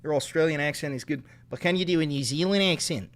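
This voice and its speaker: A man's voice: fairly high pitch, fast talker, few pauses. A man casually chatting with viewers as a streamer, with crude, joking banter. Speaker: streamer reading chat.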